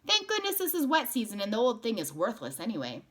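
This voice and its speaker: A woman doing a loud hearty grown man. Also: a little high, wildly swooping pitch, fast talker, pitched above the performer's own voice. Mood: good-natured. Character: friendly grown man at a picnic.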